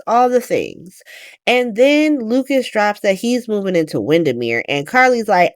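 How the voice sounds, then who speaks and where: A woman's voice: mid-range voice, a little slow, no room sound, studio quality. A woman hosting a podcast, recapping a soap opera in casual, profane, slangy chat. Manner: animated, profane, slangy, gossipy. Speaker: podcast host.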